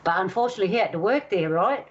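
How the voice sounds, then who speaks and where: Woman from Australia, casual storyteller with an animated delivery, mid pitch, dull lo-fi audio. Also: very fast. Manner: animated, acts out voices in stories. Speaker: guest storyteller.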